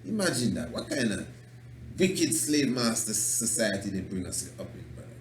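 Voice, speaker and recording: A man's voice: on the low side, big pitch swings, normal speed. A man from Antigua with an Antiguan accent, hosting a radio talk show in an emphatic, preachy monologue that restarts words and breaks into chuckles. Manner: loose, repeats and restarts words. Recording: roomy echo, faint background noise.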